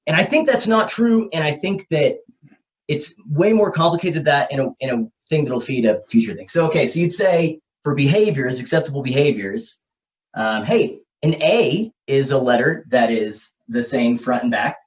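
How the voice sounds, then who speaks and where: A man hosting a podcast, thinking out loud as he explains ideas at a whiteboard and often checks in with "okay?" and "right?". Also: mid-range voice, expressive, normal speed. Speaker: podcast host. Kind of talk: casual explanatory podcast talk. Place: room with a whiteboard.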